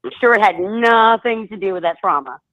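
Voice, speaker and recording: A woman talking in casual chat, animated and quick to laugh, with some swearing. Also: mid-range voice. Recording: dull lo-fi sound.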